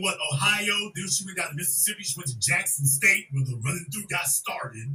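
High bright-voiced man, blunt commentary. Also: recorded from a distance, low-quality recording. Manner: blunt, slangy, repetitive. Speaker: podcast host. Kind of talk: commentary on played clips.

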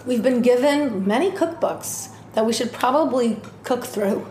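A woman's voice: on the high side, a little slow, a little mellow. A woman co-hosting a podcast in casual chat, tasting food as she talks in a home kitchen. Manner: chatty, eating while talking. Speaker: podcast co-host. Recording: echoey room with faint ambient noise.

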